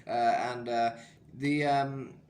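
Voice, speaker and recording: A man's voice: medium pitch, steady tone, slow pace, a little mellow, reverberant, slight background noise. A man coaching singing in a casual, rambling way, full of "kind of" and filler sounds. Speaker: vocal coach. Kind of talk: casual singing tutorial talk.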